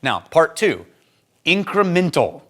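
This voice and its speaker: A man hosting a casual whisky tasting vlog and giving advice. He is animated and opinionated, laughs often, and rushes through his asides. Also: on the high side. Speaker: whisky reviewer and host.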